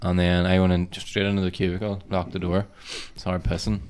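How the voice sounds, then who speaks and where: A man's voice: low-pitched, monotone, brisk, darkish tone, slight background noise. A young man with an Irish accent, telling a rowdy anecdote in casual podcast chat with lots of swearing. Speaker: podcast co-host.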